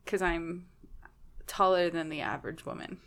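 A woman's voice: lowish voice, fairly even intonation, moderate pace, gravelly, fairly bright tone. A woman co-hosting a podcast, chatting in an easygoing, giggly way with some hesitant fillers. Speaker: podcast co-host. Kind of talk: casual chat.

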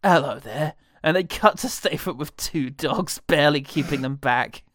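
A man's voice: fairly high pitch, moderate pace, fairly bright tone, no echo, studio quality. A man co-hosting a casual film-review podcast, jokey, laughing often and swearing freely. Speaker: podcast co-host.

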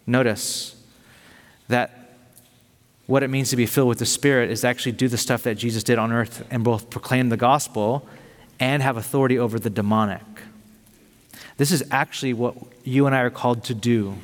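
Energetic man preaching in a ringing hall. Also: mid-range voice, brisk. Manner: energetic, conversational, uses casual slang. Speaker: pastor. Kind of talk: sermon. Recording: long reverb of a large hall.

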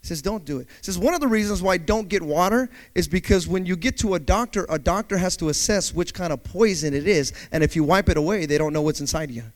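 A male pastor delivering a dynamic sermon, swinging between quiet explanation and loud call-outs, acting out panicked voices and asking the congregation to respond. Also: high-pitched. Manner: acts out panicked voices in quick asides.

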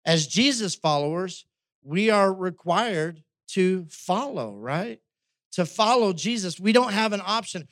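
High-voiced male pastor preaching. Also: lively intonation, measured pace, fairly bright tone, no room sound, clean studio sound. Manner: conversational, frequent tag questions. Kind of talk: sermon.

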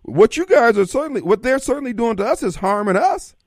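A man's voice: very high-pitched, sing-song, fairly quick, no echo, studio quality. A man hosting a call-in talk radio show, blunt and streetwise in his delivery.

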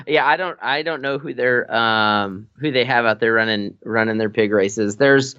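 A man's voice: mid-range voice, normal speed, clean tone, muffled recording. A man in casual chat, an easygoing storyteller who laughs often.

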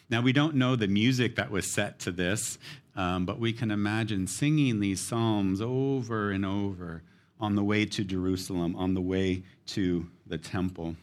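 A man preaching a sermon, explaining a psalm in an earnest teaching manner. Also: fairly low pitch. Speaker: pastor.

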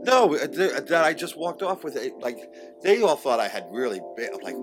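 A middle-aged man telling candid stories in an interview, animated, laughing often and moving between loud and hushed. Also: mid-range voice, fairly quick, over music.

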